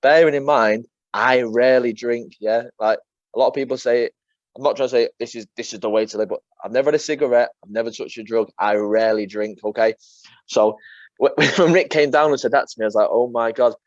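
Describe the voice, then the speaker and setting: Here the same kind of guest, a young MMA fighter, talks at a fairly quick clip in a medium-pitched voice, wandering from story to story with plenty of swearing and "mate". There's no echo, though the audio comes across dull and lo-fi.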